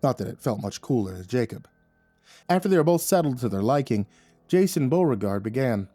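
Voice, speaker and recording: A man narrating a scripted horror story in a measured storytelling manner. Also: lowish voice, mellow, no room sound.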